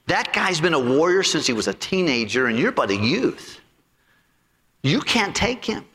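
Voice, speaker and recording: A man voicing a doubtful king who gives a flat, dismissive refusal. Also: fairly high pitch, normal speed, big-room sound.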